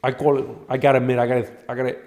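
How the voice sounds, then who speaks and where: A middle-aged man, a doctor guest on a podcast, telling animated patient stories in a blunt, profane way. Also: medium pitch, rapid-fire. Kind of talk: storytelling in a podcast interview.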